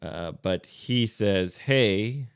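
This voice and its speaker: Man, podcast co-host, unhurried delivery, clear resonant voice, dry close sound. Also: low voice, no room sound. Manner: relaxed, reads listener messages aloud. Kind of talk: casual podcast chat.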